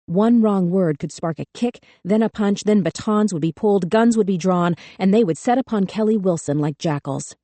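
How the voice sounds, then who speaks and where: Measured, grave woman narrator with a darker tone, dry close studio sound. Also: mid-range voice, warm tone, no echo. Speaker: audiobook narrator. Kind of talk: scripted narration.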